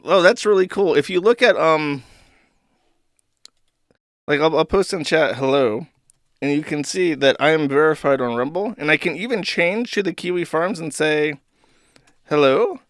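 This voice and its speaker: A man's voice: fairly high pitch, fairly bright tone, no room sound, studio quality. A man hosting a live stream, reading posts aloud and commenting sarcastically, with frequent laughs.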